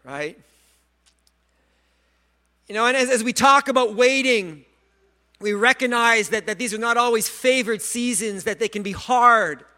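A male pastor preaching a sermon, earnest and animated, stumbling over repeated words and joking about himself. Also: very high-pitched, unhurried, long pauses. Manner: self-deprecating humor.

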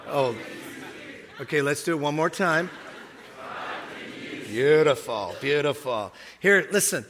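A man's voice: fairly high pitch, a bit bright, in a large hall. A man preaching a sermon to a congregation, telling a story and then urging the listeners on with rising emphasis. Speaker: pastor. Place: church hall.

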